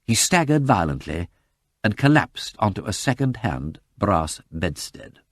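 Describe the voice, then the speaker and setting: Expressive man reading a mystery aloud. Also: on the low side, measured pace, no room sound, clean studio sound. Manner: expressive, animated storytelling. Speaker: audiobook reader. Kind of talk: scripted narration.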